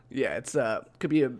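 A young man co-hosting a casual chat, animated and self-mocking, calling people "dude". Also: medium pitch. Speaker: podcast co-host.

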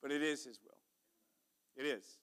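A male pastor preaches in a church sanctuary, folksy and chatty, calling out to the congregation. His mid-range voice is clean and fairly bright, at normal speed.

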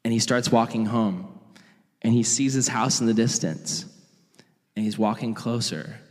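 A young man preaching a storytelling sermon as a youth pastor, animated and casual with frequent laughs. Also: medium pitch, a little slow. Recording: long hall reverb.

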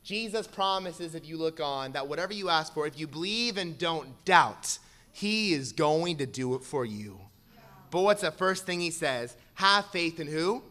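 A man preaching a sermon to a congregation, moving from quiet explanation to shouted exhortation. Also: on the high side.

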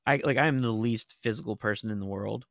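A man's voice: lowish voice, quick pace, creaky, a bit bright, no room sound, studio quality. A middle-aged man, a TV writer, telling stories in casual chat, rambling with lots of fillers and the odd curse. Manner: rambling storytelling full of "like" fillers and profanity. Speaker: TV writer and novelist.

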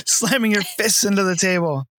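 A man's voice: sits high, normal speed, a bit bright, dry recording. A man hosting a casual film podcast, easygoing and jokey, laughing often. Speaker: podcast host.

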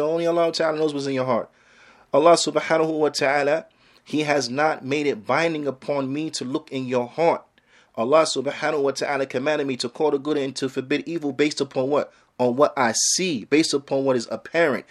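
A man teaching an Islamic lesson in a plain, mid-pitched voice. He talks in casual street phrasing and drives his points home with pointed rhetorical questions. His delivery is emphatic and direct. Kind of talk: religious lecture.

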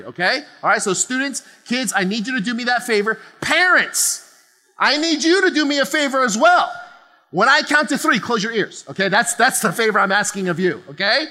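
A pastor from New Jersey, a man in his forties, preaching a lively sermon to a congregation in a casual, joking way and tagging "okay?" onto nearly every phrase. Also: very high voice. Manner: chatty, keeps adding "okay?", quick laughs. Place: large church auditorium. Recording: long hall reverb of a church auditorium.

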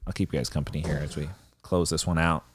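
A man co-hosting a casual late-night podcast, teasing his co-host in a dry, deadpan way. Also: a bass voice, fast, a crowd in the background.

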